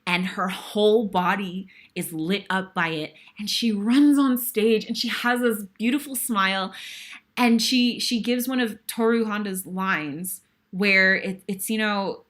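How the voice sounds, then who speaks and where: A woman in her thirties, serving as guest host, tells a story from the stage with a bright, forceful, animated medium-pitched voice at a slightly slow pace. Her retelling is emotional and breathless, punctuated by sighs.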